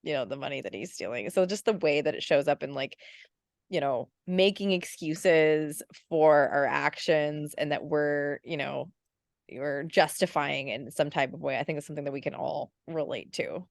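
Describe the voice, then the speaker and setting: A woman's voice: sits low, moderate pace, vocal fry, no echo, clean studio sound. A woman guest on a chat podcast, speaking reflectively with lots of fillers. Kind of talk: casual chat.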